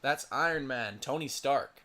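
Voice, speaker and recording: A man's voice: medium pitch, measured pace, sharp tone, a little hiss or hum. A young man doing casual solo play-by-play for a simulated lacrosse game, stumbling over player names and muttering asides to himself.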